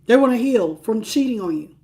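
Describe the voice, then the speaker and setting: A woman's voice: fairly high pitch, animated, a little fast, dark tone. A woman doing a live tarot reading. She talks straight to viewers, greets the chat by name and repeats phrases for emphasis. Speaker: tarot reader.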